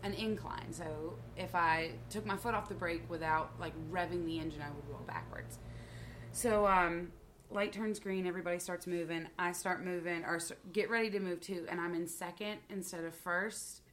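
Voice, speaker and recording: A woman's voice: on the low side, steady tone, moderate pace, a bit bright, slight background noise. A woman from the American South telling a story in chatty podcast conversation. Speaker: podcast co-host. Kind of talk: casual storytelling.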